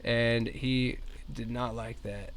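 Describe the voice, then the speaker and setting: A man, narrating a tabletop game as game master in a relaxed, chatty way. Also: medium pitch, slow pace.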